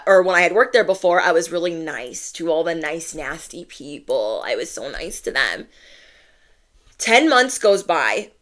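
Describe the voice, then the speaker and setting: Blunt, animated woman telling a story. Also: medium pitch. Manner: animated, acts out quoted voices, slangy and blunt. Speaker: spiritual content creator. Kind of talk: casual storytelling vlog.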